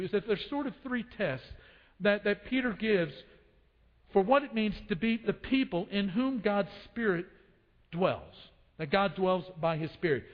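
A man with a high voice preaches a sermon, calling out to the congregation for answers and hammering his points home by repeating them. His voice rings through a church hall with long reverb. The sound is dull and muffled. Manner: call-and-response preaching, repeats phrases for emphasis. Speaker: pastor. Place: church sanctuary.

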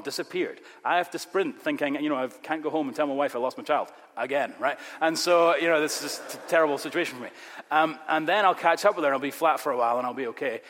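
A male pastor preaching a sermon, emphatic, with sudden loud rises on key words. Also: a little high. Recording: long reverb of a large hall.

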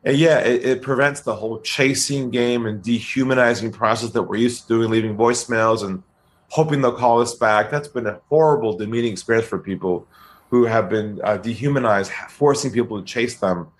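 A man being interviewed as a sales trainer, telling stories in a calm, deliberate way. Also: mid-range voice. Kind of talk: podcast interview storytelling.

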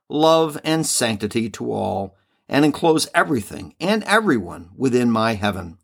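A man reading the part of a loving heavenly mother and queen, slow, solemn and tender, in a devotional reading. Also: medium pitch, creaky, fairly bright tone, heavily acted.

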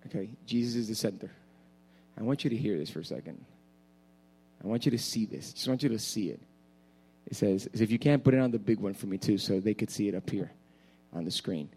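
A man's voice: on the low side, lively intonation, brisk, husky. A man preaching a sermon as pastor, pleading with the congregation in impassioned calls. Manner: impassioned preaching, rising to shouts. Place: church sanctuary with screens. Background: guitar music.

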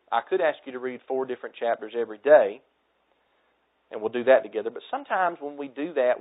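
A man in his thirties preaching a sermon to his congregation, earnest and exhorting, often dropping soft for emphasis. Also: mid-range voice. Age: 30s. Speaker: pastor. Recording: tinny phone-like audio.

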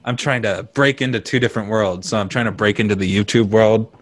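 A man's voice: on the low side, fairly quick. A man hosting a podcast in casual chat, joking, laughing often and trailing off into fillers. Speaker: podcast host.

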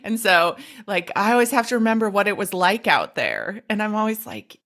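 A woman co-hosting a casual talk about addiction recovery, blunt and animated, swearing and laughing often. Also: medium pitch, a little fast.

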